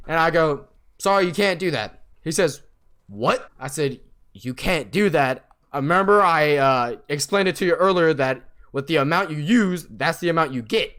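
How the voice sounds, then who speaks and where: A man's voice: fairly high pitch, lively intonation, moderate pace, fairly bright tone. A young man telling a story about his job in a casual, profane, exasperated way, acting out the lines of the people he quotes. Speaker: vlogger.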